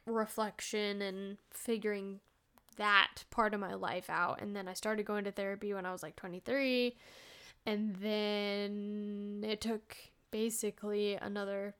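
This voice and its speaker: Smooth-voiced woman rambling on her podcast. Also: medium pitch. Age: 30s. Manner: rambling, heavy use of "like", frequent restarts. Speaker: podcast host. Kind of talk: casual solo podcast chat.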